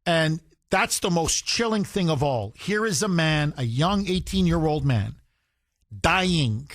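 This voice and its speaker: Indignant talk radio host, lively pitch. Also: male voice, slow pace, dry recording, studio quality. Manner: indignant, emphatic, mimics people in quotes. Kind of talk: opinionated talk radio commentary.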